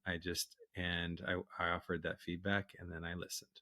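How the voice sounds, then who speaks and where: Deep, bright-toned calm male co-host, dry close mic. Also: normal speed, no echo. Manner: calm, gentle, reflective. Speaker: podcast co-host. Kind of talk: casual chat.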